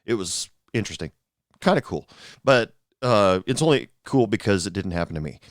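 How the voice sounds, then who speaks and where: A man's voice: fairly low pitch, lively intonation, moderate pace, no room sound, studio quality. A man hosting a show and telling bar stories in a rambling, casual monologue full of fillers and restarts. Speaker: podcast host, former bartender.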